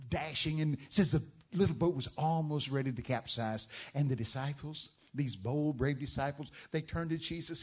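A man preaching a sermon, telling Bible stories with dramatic shouted outbursts. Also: medium pitch. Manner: dramatic storytelling, bursts into loud shouted quotes.

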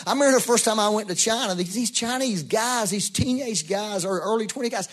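Man, middle-aged pastor, storytelling sermon, animated quotes. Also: sits high, fairly quick, hardly any pauses. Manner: folksy, storytelling, animated quoting.

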